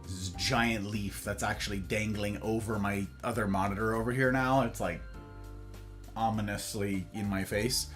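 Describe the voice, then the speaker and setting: A man's voice: lowish voice, steady tone, normal speed, fairly bright tone, faint music behind. A man hosting a casual live stream from his home office, playfully greeting viewers by name and chatting with them. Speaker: livestream host.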